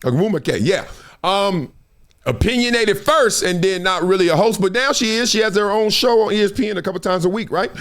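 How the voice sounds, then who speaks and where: Animated, high-pitched male host. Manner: animated, slangy, laughs often, quick jumps in pitch. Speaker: show host. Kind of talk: casual chat.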